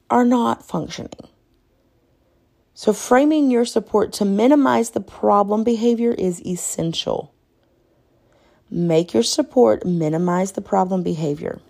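A woman hosting an instructional podcast, talking calmly and conversationally, repeating key points and often checking in with "right?". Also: mid-range voice, gravelly. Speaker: podcast host teaching caregivers.

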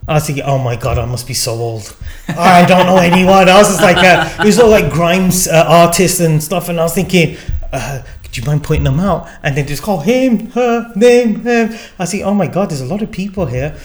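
Animated man telling a story. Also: high voice, brisk. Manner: animated storyteller acting out quoted dialogue, many fillers. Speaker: guest. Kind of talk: casual storytelling.

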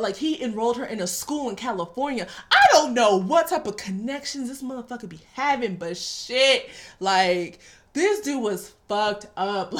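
Animated, profane woman ranting casually. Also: fairly high pitch. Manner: animated, swears a lot, talks straight to listeners. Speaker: podcast host.

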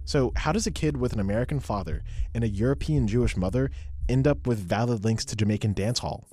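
A man reading scripted documentary narration in a measured, explanatory way. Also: mid-range voice, dark tone, husky. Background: music bed.

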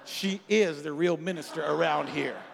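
Brief: man preaching a sermon, slangy storyteller, a bit high-pitched, long hall reverb. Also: moderate pace, creaky. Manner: animated storytelling, acting out dialogue, casual slang. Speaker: pastor.

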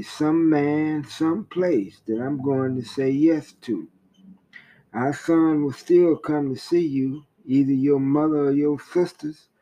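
A man's voice: medium pitch, mellow, low-quality recording. A man voicing a lonely wife who tenderly and pleadingly reads out a farewell letter.

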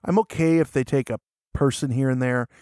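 A man's voice: mid-range voice, brisk, warm tone, clear, resonant tone, no room sound, clean studio sound. A man co-hosting a podcast, telling stories in a loose, jokey way and laughing often. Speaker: podcast co-host. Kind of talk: casual podcast chat.

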